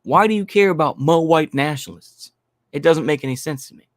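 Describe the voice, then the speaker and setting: A man's voice: on the high side, fairly quick, no room sound, clean studio sound. A man hosting a stream, ranting bluntly and profanely in commentary, repeating his points. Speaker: stream host.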